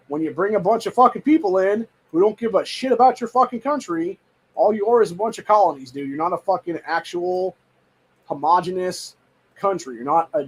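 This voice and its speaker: A man's voice: on the high side, breathy edge, poor audio. A man hosting a show, ranting in a heated, profane, rambling way and saying "dude" often. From United States. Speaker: show host. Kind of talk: casual political rant.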